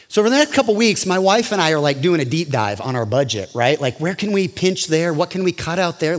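Animated preaching man in a reverberant hall. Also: a little high. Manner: animated storytelling, acting out dialogue with God. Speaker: pastor. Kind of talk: sermon.

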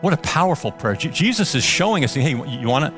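A man's voice: fairly high pitch, very animated, fast talker, fairly bright tone, soft background music. A male pastor preaching a sermon with passion, firing off rhetorical questions and repeating words as he builds.

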